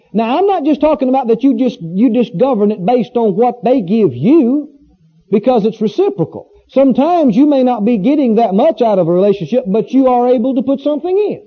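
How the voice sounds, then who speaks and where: A male pastor preaching a sermon in a folksy, emphatic way, often repeating his phrases for weight. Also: extremely high pitch. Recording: dull lo-fi recording.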